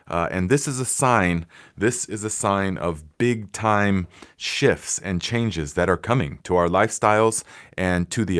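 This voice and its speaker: A man hosting a casual live Q&A on his channel from home, talking loosely with many fillers and restarts into a phone. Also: sits low. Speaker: livestream host. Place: home in Fort Wayne, Indiana.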